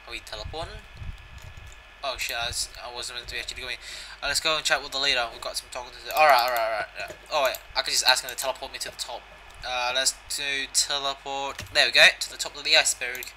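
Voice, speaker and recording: A man's voice: mid-range voice, fairly even intonation, a little fast, long pauses, pushed and bright, slight background noise, poor audio. A young man giving a casual, jokey video game walkthrough, swearing and reading the in-game dialogue aloud. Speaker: gaming channel host.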